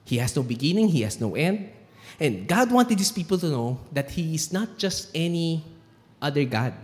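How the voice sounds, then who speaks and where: A man's voice: medium pitch, in a large hall. A man with a Filipino accent preaching a sermon, emphatic and mixing English with Tagalog in a church. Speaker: pastor. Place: church sanctuary.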